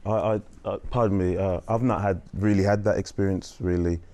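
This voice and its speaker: A man's voice: low voice, steady tone, brisk, dark tone, a little hiss or hum. A man with a Birmingham accent, a panel guest telling anecdotes in a hesitant, stop-start way. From Birmingham, England. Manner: anecdotal, hesitant, acts out quoted voices. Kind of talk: panel discussion.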